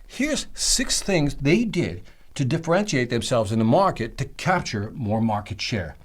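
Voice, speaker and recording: A middle-aged man teaching a sales seminar, excitable and emphatic, speaking straight to his listeners. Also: mid-range voice, measured pace. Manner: animated, excitable, emphatic, talks to the listener directly. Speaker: sales trainer.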